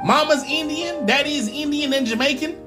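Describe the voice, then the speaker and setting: A man's voice: very high-pitched, a little fast, music in the background. A man in a commentary clip, talking bluntly and mockingly with profanity.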